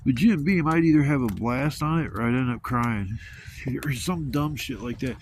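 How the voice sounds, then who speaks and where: A man's voice: mid-range voice, normal speed. A man telling rambling, profane stories in a laid-back, casual way while camping outdoors. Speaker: vlogger. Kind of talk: casual storytelling. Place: outdoors at a campsite. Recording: noisy outdoor ambience.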